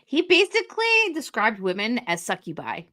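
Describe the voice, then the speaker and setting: Casual podcast chat from a female co-host, whose medium-pitched voice moves at a moderate pace. She tells her stories with lots of animation and frequent laughter.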